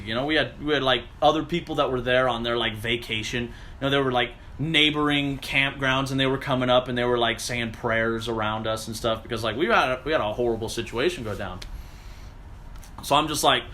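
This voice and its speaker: A man telling a story in a casual, animated way, swearing often and acting out what people said. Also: medium pitch, a little fast, a little hiss or hum. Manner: animated, profane, acts out quotes.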